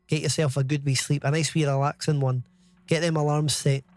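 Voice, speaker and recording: A man's voice: fairly high pitch, flat delivery, fairly quick, no echo, soft background music. Chatty Scottish man in his thirties. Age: 30s. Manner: chatty, reads chat aloud, swears casually. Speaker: game streamer. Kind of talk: live gameplay commentary.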